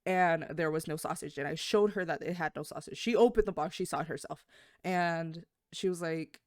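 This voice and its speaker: Lively young woman telling work stories. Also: low-pitched, moderate pace, no room sound, clean studio sound. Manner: animated, swears, acts out quoted voices. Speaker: podcast co-host. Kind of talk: casual storytelling chat.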